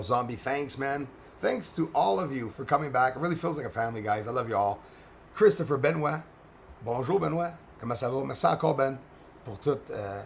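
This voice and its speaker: A man with a hoarse, strained voice, casually chatting and greeting viewers on a live stream. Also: medium pitch, a little hiss or hum.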